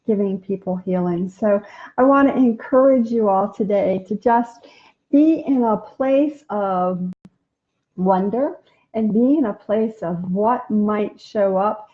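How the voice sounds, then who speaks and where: A woman's voice: medium pitch, measured pace, highs cut off. A woman hosting a casual inspirational live stream, chatting and answering viewer comments with many ums and restarts.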